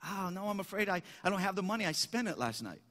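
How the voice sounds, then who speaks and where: A preacher voicing a farmer in a joke, in a fairly everyday voice. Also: male voice, high-pitched, big pitch swings, quick pace, sharp tone, full character voice. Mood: sheepish. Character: plain-spoken farmer man, sheepish. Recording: echoey hall.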